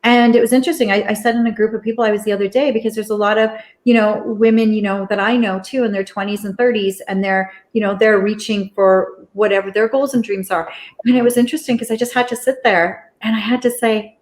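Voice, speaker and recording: A woman's voice: medium pitch, fairly even intonation, fast talker, a little mellow. A woman in her fifties hosting a casual chat, upbeat and motivational, often acting out her own self-talk. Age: 50s. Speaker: host.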